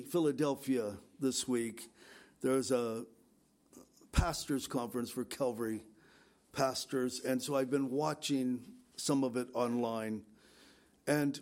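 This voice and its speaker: A man's voice: medium pitch, a little mellow. An older man, a pastor, giving an earnest, conversational sermon and urging his listeners on. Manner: earnest, exhorting.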